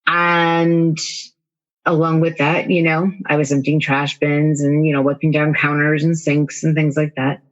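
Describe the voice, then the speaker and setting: A woman's voice: deep voice, little pitch movement, unhurried, highs cut off. Candid woman telling her story. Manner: candid, self-deprecating, many fillers. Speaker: podcast guest, confidence coach. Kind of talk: casual storytelling in an interview.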